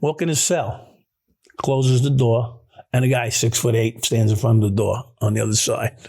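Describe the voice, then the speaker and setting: A man in casual podcast conversation, telling a story in an animated, profane way with many restarts. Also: medium pitch, moderate pace, breathy edge.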